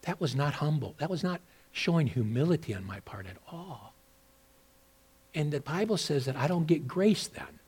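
A man preaching a sermon as a pastor, moving between loud, emphatic exhortation and quieter personal storytelling with repeated words. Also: on the high side, sing-song, moderate pace, husky. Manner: repeats and restarts words when telling a story.

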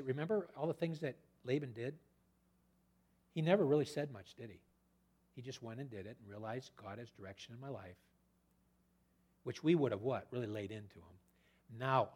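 A male preacher giving an expository sermon in a conversational, animated way, retelling the scripture with his own asides. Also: medium pitch.

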